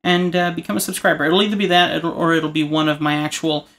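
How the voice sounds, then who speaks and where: Quick-paced and steady in tone, his fairly high, fairly bright voice carries the casual narration of an art tutorial. He draws while telling jokes and slipping into rambling asides.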